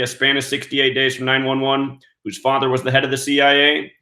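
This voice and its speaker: A man's voice: mid-range voice, bright, forceful tone. A man hosting an online show, giving an emphatic monologue that counts out numbers and asks rhetorical questions. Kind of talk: monologue commentary. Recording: roomy echo.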